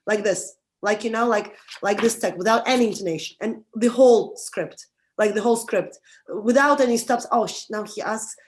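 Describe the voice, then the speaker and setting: Her voice pitched in the middle, a young adult woman answers interview questions in English with a Russian accent, talking casually about directing and acting. She keeps stopping and starting over, yet offers lively advice.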